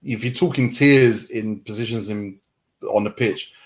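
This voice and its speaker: A man from England hosting a casual football chat show, animated and quick with asides, swearing freely. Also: on the low side. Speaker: host. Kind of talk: casual banter.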